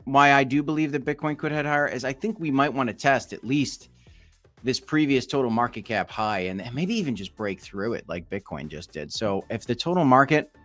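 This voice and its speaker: A man's voice: medium pitch, animated, brisk, fairly bright tone, faint music behind. A young man hosting a casual crypto livestream, chatting loosely and reacting to viewer comments as he reads them out.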